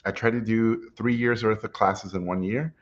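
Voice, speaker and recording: A middle-aged man telling a personal story in a lively way, acting out what people said to him, with frequent "uh"s. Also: fairly low pitch, moderate pace, lo-fi sound. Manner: lively anecdotal, acts out quotes, frequent "uh". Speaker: animation guest speaker.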